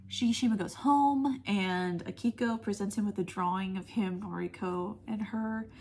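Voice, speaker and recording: A woman gushing through a casual film review, saying "like" often and dropping into soft whispers. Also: mid-range voice, moderate pace, a little hiss or hum. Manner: gushing, heavy use of "like", drops to soft whispers when moved; laughs often mid-sentence. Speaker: movie reviewer.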